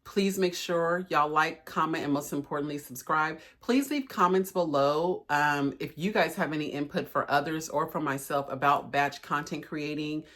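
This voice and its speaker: Young woman vlogger with a low voice, chatty and encouraging. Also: normal speed, hardly any pauses, a bit bright. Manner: chatty, encouraging, says y'all a lot; emotional, voice cracking at times. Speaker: lifestyle vlogger. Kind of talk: casual motivational vlog talk.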